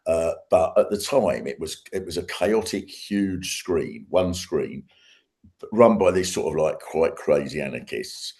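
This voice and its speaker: A man in his sixties from England, a podcast guest telling a rambling story in casual chat, with halting restarts. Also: low voice, animated, darkish tone, husky.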